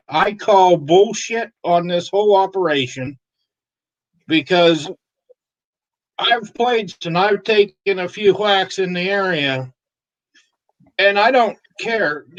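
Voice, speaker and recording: A high-voiced man rambles through crude, profane anecdotes, swearing freely and laughing at his own punchlines. The sound is dull and lo-fi, like a home livestream. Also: fairly bright tone. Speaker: co-host. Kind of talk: crude comedic storytelling.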